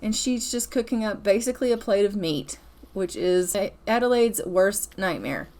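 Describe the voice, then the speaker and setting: A chatty woman hosts a casual let's-play, narrating her life-simulation game. She talks in a playful, easygoing manner with frequent little laughs, in a medium-pitched voice. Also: lively intonation, normal speed, darkish tone. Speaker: gaming channel host.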